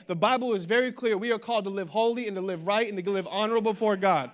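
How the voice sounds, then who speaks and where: Young male pastor, high-pitched, energetic sermon delivery. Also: fast talker, few pauses. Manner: energetic preaching that builds to loud declarations, with humorous storytelling.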